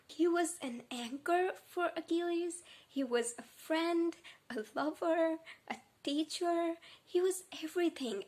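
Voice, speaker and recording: Slow-talking tearful young woman vlogger. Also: sits high. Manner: emotional, gushing, close to tears. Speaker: book vlogger. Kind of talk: casual reading vlog chat.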